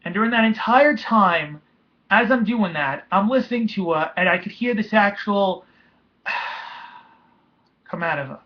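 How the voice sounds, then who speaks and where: A man's voice: sits high, lively intonation. Young man telling a painful story, lo-fi. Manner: halting, emotional, retelling with many restarts. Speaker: vlogger. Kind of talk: personal storytelling. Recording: dull lo-fi home recording.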